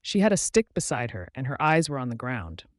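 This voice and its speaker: A man tells a scripted story in an expressive, dramatic way. His voice rises and falls lively at a middle pitch. The recording is dry and close. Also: a little fast, no echo. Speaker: narrator.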